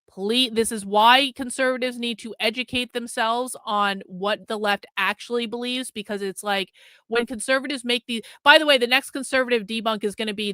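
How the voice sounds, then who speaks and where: A woman's voice: on the high side, sharp tone, smooth, no echo. A woman hosting a political livestream, giving profane, lecturing commentary straight to her chat. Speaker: political streamer host.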